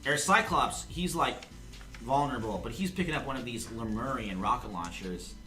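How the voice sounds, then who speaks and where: A man's voice: medium pitch, animated, normal speed, pushed and bright. A man running a tabletop game as game master, narrating the action in a casual, chatty way. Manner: casual, chatty, full of fillers. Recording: echoey room with faint music.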